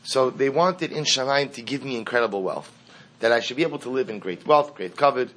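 A man's voice: medium pitch, lively intonation, a little fast, fairly bright tone. A man teaching a class, reading a Hasidic story aloud and translating it line by line, repeating words for emphasis as he explains. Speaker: Torah teacher.

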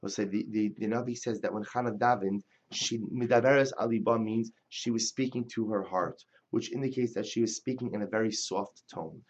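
A man's voice: fairly low pitch, moderate pace, few pauses, lo-fi sound. A man teaching a Talmud lesson, reading the Hebrew and Aramaic text aloud and then explaining it in plain English. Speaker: Torah teacher. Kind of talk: Talmud class lecture.

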